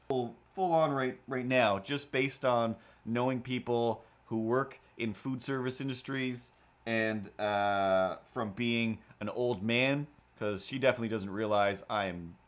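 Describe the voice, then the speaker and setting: A man's voice: mid-range voice, normal speed. A man in his forties casually telling an anecdote on a livestream, acting out voices as he goes. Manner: animated, acts out voices in anecdotes. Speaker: livestream host.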